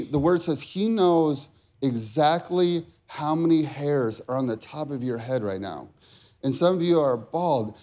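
A man preaching, telling a personal story with strong emotion that builds from quiet talk to shouted peaks. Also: a little high. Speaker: pastor.

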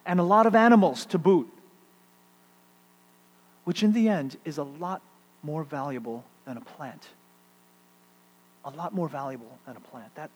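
A middle-aged man preaching a sermon, shifting between loud emphatic peaks and hushed, quiet stretches. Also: on the high side. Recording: long hall reverb, faint mains hum.

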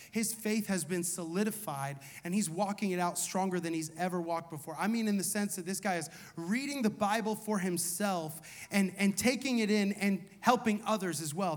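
A man in his thirties preaching a sermon in a casual, conversational way, full of "like" and "you know", with repeated punchy questions to the congregation. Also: high-pitched. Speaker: pastor. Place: church hall.

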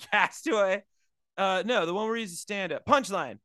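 A man's voice: high voice, lively intonation, moderate pace, bright, forceful tone, no echo, studio quality. A man co-hosting a podcast, riffing in profane, jokey casual chat. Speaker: podcast co-host.

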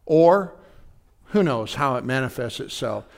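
Speaking a little slowly with vocal fry, this male preacher has an expressive, mid-range voice. His sermon feels like a conversation, and he repeatedly asks the congregation whether they follow him.

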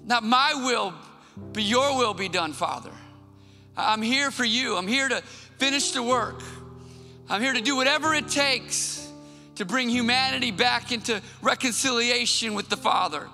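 A man's voice: very high voice, normal speed, voice pushed up, heavily acted. A preacher voicing a pleading, anguished man in prayer. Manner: pleading, earnest. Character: anguished grown man praying, pleading yet resolved. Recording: long hall reverb with soft music.

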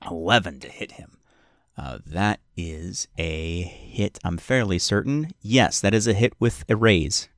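A man with a low-pitched voice narrates a tabletop game as its game master. He talks in a relaxed, hesitant way, full of fillers. The sound is dry and close. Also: measured pace, no room sound.

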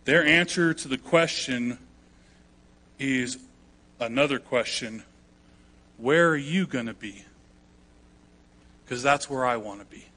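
A man's voice: mid-range voice, slow pace, pauses often, bright, forceful tone. A man preaching a sermon in a conversational, emphatic way, acting out quotes as he goes. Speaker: pastor.

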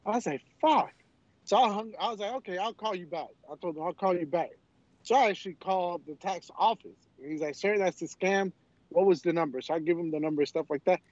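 High-voiced, profane man, dull recording. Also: fast, no echo. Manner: animated, profane storyteller. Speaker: podcast co-host. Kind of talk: casual chat.

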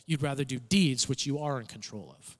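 A man preaching a sermon, telling stories with acted-out quotes in an animated, conversational way. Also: mid-range voice, brisk. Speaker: pastor. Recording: reverberant church hall.

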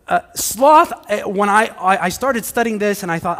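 A male pastor preaching a conversational sermon, animated, with frequent restarts. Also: high-pitched, measured pace, hardly any pauses. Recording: hall reverb.

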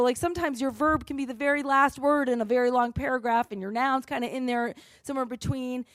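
A woman with a high, bright-sounding voice preaches a casual teaching sermon. She explains things in a friendly, conversational way and keeps asking her listeners "right?" The sound is close and dry, with no room echo. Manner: chatty, explanatory, asks "right?" often.

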